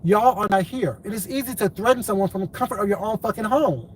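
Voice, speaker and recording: A commentary vlogger with a high voice rants fast and directly at his viewers, swearing freely, confrontational, and driving the same point home repeatedly. The low-quality recording carries a faint hiss of background noise.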